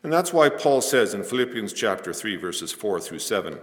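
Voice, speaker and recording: An older man preaching a sermon, telling stories in a soft, earnest way. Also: fairly low pitch, very animated, normal speed, few pauses. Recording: long hall reverb.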